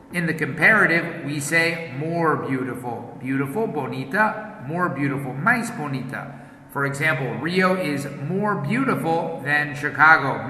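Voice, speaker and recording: A man gives an English grammar lesson at a very slow, careful pace. His voice is very bright and slightly high. It rings in a roomy space with a long reverb tail. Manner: explains each step slowly and plainly. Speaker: English teacher. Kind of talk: slow, deliberate classroom explanation. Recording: echoey room with long reverb.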